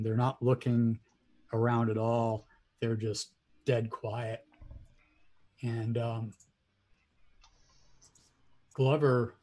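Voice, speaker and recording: A man narrating as game master of a tabletop game, with hesitant pauses and many fillers. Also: medium pitch, a little mellow. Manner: hesitant, many ums and likes.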